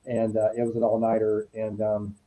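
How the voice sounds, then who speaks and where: Middle-aged male podcast guest, very dark tone, animated storyteller who acts out the quotes. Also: on the low side, normal speed, rough recording. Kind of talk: casual storytelling.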